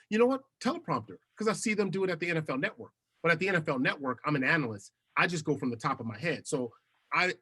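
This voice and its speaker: Bright-voiced animated man telling stories. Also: on the high side, husky. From United States. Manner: animated, laughs often. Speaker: podcast guest, TV host. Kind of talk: casual interview storytelling.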